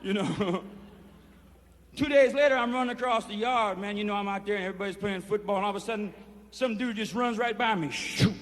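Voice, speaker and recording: A fairly quick, high-sitting male voice drawls a rambling, profane story to an audience of inmates, adding "you know" to nearly every phrase. The performance takes place in a prison hall, recorded with reverberant 1970s film sound.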